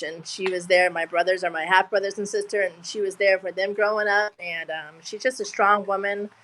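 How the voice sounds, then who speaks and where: A woman's voice: mid-range voice, a bit bright, rough recording. A woman, talking on a video call in a heartfelt, rambling way, full of restarts. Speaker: guest. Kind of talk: emotional casual chat.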